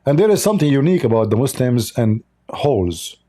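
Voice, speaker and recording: Mellow-voiced man, mocking livestream host. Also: medium pitch, big pitch swings, fairly quick. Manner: mocking, sarcastic. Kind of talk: livestream polemic commentary.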